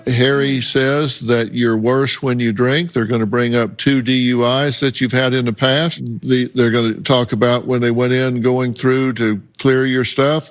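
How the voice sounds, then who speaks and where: A talk show host lays out hard truths to a guest. He speaks bluntly and deliberately, leaning on each phrase. His voice sits at an ordinary mid pitch. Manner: blunt, lecturing, slow and emphatic.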